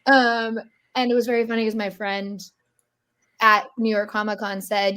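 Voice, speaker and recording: A woman's voice: medium pitch, little pitch movement, moderate pace, fairly bright tone, clean tone. Wry woman podcast host. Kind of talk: casual podcast chat.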